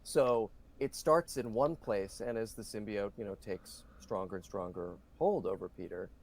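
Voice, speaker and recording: A middle-aged voice actor, appearing as an interview guest, answers questions earnestly and at length, full of "you know" fillers. His voice sits on the low side with a darkish tone and a moderate pace.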